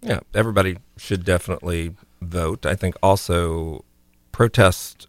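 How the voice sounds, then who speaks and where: A man co-hosting a radio talk show, speaking in a measured way as he thinks aloud. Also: low-pitched, dry recording. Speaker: radio co-host.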